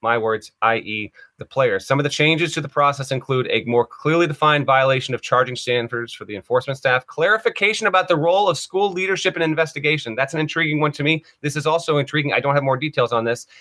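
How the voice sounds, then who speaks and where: Bright-voiced man co-hosting a podcast. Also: on the high side, fast talker, few pauses. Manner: reads statements aloud, then comments skeptically. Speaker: podcast co-host. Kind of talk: casual sports chat.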